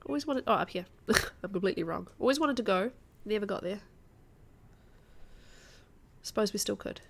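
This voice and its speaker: Gravelly-voiced woman musing aloud. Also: mid-range voice, expressive, moderate pace, fairly bright tone. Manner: thinks aloud, wondering and guessing to viewers. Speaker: streamer playing a geography guessing game. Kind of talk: live-stream gameplay chat.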